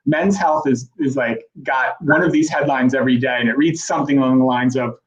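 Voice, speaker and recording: A man's voice: mid-range voice, steady tone, fairly quick, lo-fi sound. A middle-aged man from the southern United States co-hosting a podcast, chatting in a rambling, self-deprecating way. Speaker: podcast co-host. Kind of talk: casual chat.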